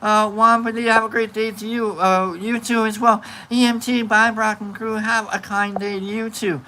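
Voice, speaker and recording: A man's voice: high voice, little pitch movement, moderate pace, bright, forceful tone, a little hiss or hum, poor audio. A man hosting a livestream, reading out and greeting viewer comments in a rambling, playful chat full of fillers and restarts. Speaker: livestream host.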